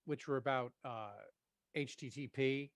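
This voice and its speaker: A man's voice: medium pitch, steady tone, unhurried, smooth, no echo, clean studio sound. A man co-hosting a podcast in casual chat, talking in a hesitant, self-deprecating way. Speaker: podcast co-host.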